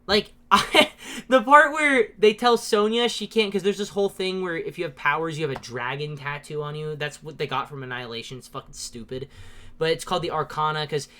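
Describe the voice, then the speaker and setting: Excitable podcast host with a mid-pitched voice, swearing through a casual movie rant. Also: brisk. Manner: profane, ranting, excitable; laughs often while talking. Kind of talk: casual movie-review chat.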